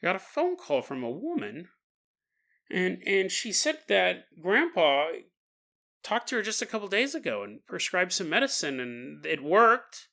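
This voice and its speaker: A flustered young woman in her twenties who stumbles over her words in confusion, as a man puts her on in a story podcast. The voice is bright and bounces around in pitch. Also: big pitch swings, measured pace, creaky, heavily acted. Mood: confused. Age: 20s. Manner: hesitant, flustered.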